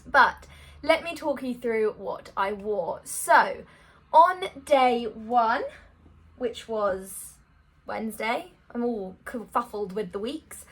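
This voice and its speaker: Woman rambling to camera about sewing, a bit breathless, fairly high voice. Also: a bit bright. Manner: chatty, self-deprecating, rambling. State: a little out of breath. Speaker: sewing vlogger. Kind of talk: casual chat to camera.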